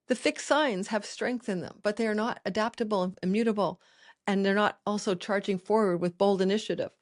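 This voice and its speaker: A woman's voice: fairly low pitch, darkish tone. A woman astrologer hosting a casual, personal talk from her home studio, chatty and often asking "right?". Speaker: astrologer host.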